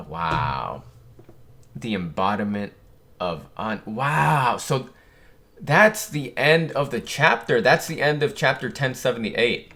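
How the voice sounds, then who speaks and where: Young adult man, manga reaction host, quiet muttered reading, sudden loud outbursts. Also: mid-range voice, expressive, slow. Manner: muttered reading breaking into loud surprised exclamations.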